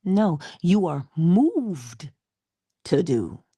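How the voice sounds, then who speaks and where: Middle-aged woman doing a motivational morning talk, low gravelly voice, dry close sound, slow deliberate, asks questions then answers them. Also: big pitch swings, warm tone, no echo. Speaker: inspirational speaker.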